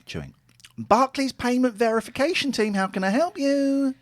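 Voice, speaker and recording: A man's voice: very high-pitched, moderate pace, voice pushed up. A man voicing a Welsh woman scam caller who poses as bank staff, stiffly polite and scripted in broken phrasing.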